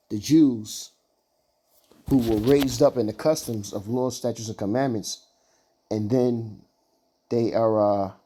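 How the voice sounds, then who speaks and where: A man leading an informal scripture study, halting and searching for words with many fillers as he reads and explains verses. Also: medium pitch, mellow. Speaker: Bible teacher.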